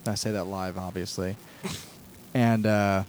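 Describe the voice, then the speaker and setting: A man's voice: sits low, fairly even intonation, measured pace, a little mellow, slight background noise, rough recording. A man co-hosting a casual podcast from a dining room at home, rambling and joking in a laid-back way. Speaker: podcast co-host.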